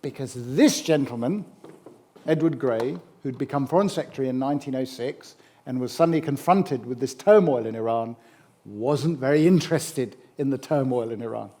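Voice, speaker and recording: A middle-aged man giving a public history lecture, animated and emphatic, with wry asides. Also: mid-range voice. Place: lecture hall.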